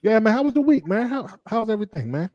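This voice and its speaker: A man's voice: high-pitched, sing-song, fast, darkish tone, no echo. A man co-hosting a show over a video call, easygoing and teasing, laughing along with his partner. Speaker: co-host. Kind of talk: casual chat on a video call. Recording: dull, dry video-call audio.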